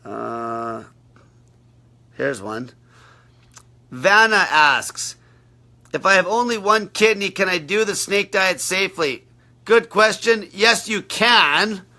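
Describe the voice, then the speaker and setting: A man's voice: sits high, slow, long pauses, bright, forceful tone. A man coaching on a livestream, answering viewer questions in a brash, blunt, profane way.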